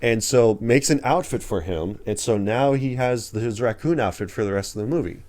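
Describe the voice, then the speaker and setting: A man's voice: mid-range voice, normal speed, darkish tone. A man co-hosting a casual movie review podcast, recapping the plot in a rambling way with lots of filler words. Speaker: podcast co-host.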